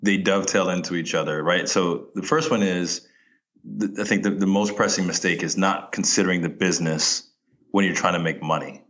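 Deep-voiced relaxed man talking film. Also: a little fast, dull audio. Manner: relaxed, laughs often, heavy use of like and you know. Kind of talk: casual chat.

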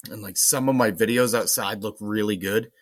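A man's voice: lowish voice, fairly even intonation, moderate pace, no echo, studio quality. A man from Maine with a light Maine accent, co-hosting a casual podcast chat, joking and swearing freely. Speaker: podcast co-host.

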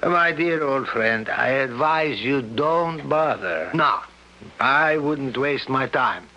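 Cast: jovial town councilman, lively bright voice, radio drama. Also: medium pitch, slow pace, highs cut off, exaggerated voice. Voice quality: hearty, friendly, pressing. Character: jovial middle-aged town councilman, insistent old friend. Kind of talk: 1970s radio drama acting.

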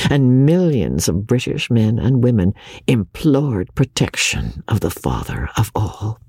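A woman narrating a classic novel in a slow, expressive, measured audiobook reading. Her voice is husky, and her pitch moves a lot. The sound is dry and close to the mic. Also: dry recording. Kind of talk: scripted narration.

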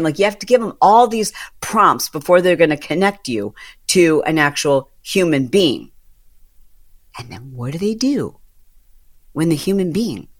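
A woman hosting a casual solo podcast, venting in an exasperated, fast-running storytelling manner. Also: on the low side. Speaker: podcast host.

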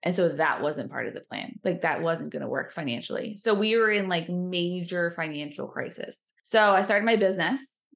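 A woman's voice: lowish voice, animated, moderate pace, gravelly, hardly any pauses, fairly bright tone. A woman, chatting as a podcast guest and using lots of fillers. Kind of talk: casual chat.

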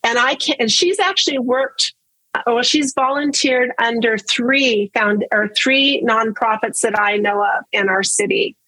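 An earnest woman speaks openly about her own life in a relaxed conversational way, often repeating words to stress them. Her voice sits a little high and has a husky edge. The sound is dry and close, with no room echo. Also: unhurried. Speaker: guest sharing her story. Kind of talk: casual personal testimony.

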